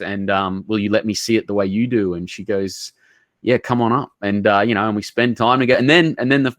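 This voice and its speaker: A man's voice: mid-range voice, no room sound, clean studio sound. An Australian man from Queensland, an author telling stories in a casual conversation, earnest and heartfelt, rambling with many restarts and an occasional mild swear. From Southeast Queensland, Australia. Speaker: author guest.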